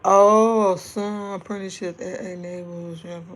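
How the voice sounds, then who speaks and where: A woman's voice: medium pitch, steady tone, a little slow. A middle-aged woman, chatting casually and rambling with livestream viewers and laughing often. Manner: speaking softly at times to keep quiet. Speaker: livestream host.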